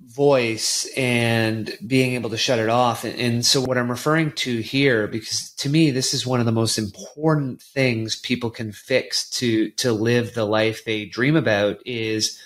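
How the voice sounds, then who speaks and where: A man hosting a podcast interview, earnest and halting, often restarting his sentences. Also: medium pitch, fairly even intonation, fairly bright tone. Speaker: podcast host. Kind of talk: conversational interview.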